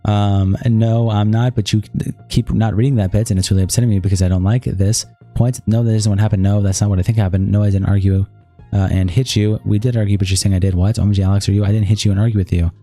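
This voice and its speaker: Rapid low-voiced man reading texts aloud. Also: little pitch movement, warm tone, soft background music. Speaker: streamer. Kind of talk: reading a text-message exchange aloud.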